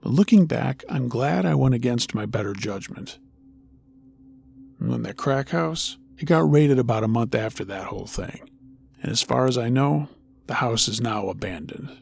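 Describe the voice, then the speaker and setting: A man narrates a true scary story in a mid-range voice with a gravelly, creaky edge. His delivery is conversational and wry, and his pitch moves around a lot as he builds tension. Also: lively intonation. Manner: conversational, wry, with dramatic pauses.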